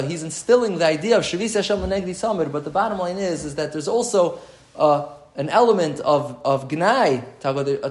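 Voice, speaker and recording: A man's voice: a little high, echoey room. A man giving a Talmud lesson, reading Hebrew quotes and then explaining them. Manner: explains texts aloud, reads Hebrew quotes then translates, repeats phrases. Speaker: Torah teacher. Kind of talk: Talmud lecture.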